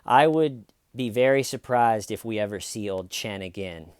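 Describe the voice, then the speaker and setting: A man's voice: on the low side, moderate pace, smooth, dry recording, studio quality. A man hosting a casual true-crime commentary, talking in an indignant, conversational way with lots of fillers and restarts. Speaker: podcast host.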